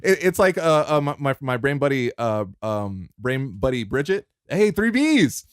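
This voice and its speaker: Lively, rambling man on a podcast. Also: medium pitch, moderate pace, clear, resonant tone, no echo, clean studio sound. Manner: rambling, jokey, self-deprecating. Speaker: podcast co-host. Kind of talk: casual chat.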